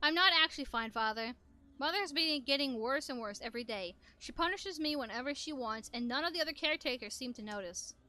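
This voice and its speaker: A woman's voice: sits high, animated, fairly quick, sharp tone. A woman voicing a young robot caretaker who talks in a stiff, formal way in a game. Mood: anxious.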